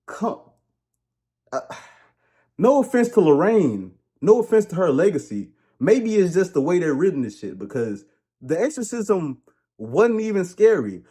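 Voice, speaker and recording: A man delivers a comedic movie review in a husky, slightly raspy voice that sits a bit high for a man. His pitch leaps around constantly as he rambles, jokes and rants. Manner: animated, rambling, joking and ranting.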